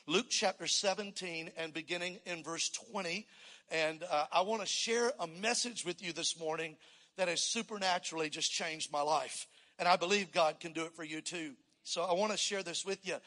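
A male pastor preaching a sermon with energy, calling on the congregation to answer back. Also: sits high. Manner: energetic, calls for congregational response. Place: church sanctuary. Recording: long reverb in a church hall.

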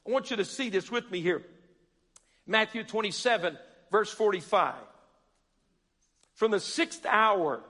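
A man preaching a sermon, calling out to the congregation and rising to shouts. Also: high voice, big-room sound.

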